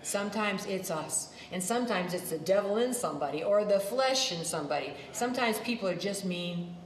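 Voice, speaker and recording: A woman's voice: medium pitch, lively intonation, fairly quick, reverberant, poor audio. A woman preaching a sermon, emphatic, repeating her phrases and drifting into side stories.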